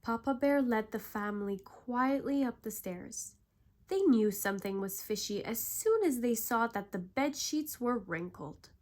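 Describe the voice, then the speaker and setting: A woman narrating a bedtime story with calm, gentle warmth of pace, unhurried and soothing. Her voice sits a touch high and she takes her time over every line.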